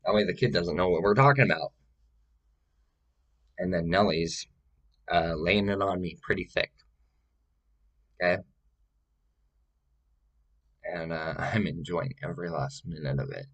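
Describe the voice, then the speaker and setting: Deep-voiced man in a profane ramble. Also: measured pace, vocal fry, pauses often, a bit bright, poor audio. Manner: profane, rambling, repeats and restarts phrases. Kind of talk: rambling personal monologue.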